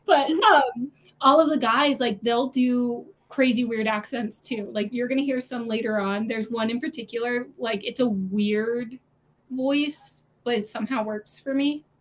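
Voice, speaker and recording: A woman hosting a casual online book club chat, gushing and animated about a series. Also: fairly high pitch, unhurried. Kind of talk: casual group video chat.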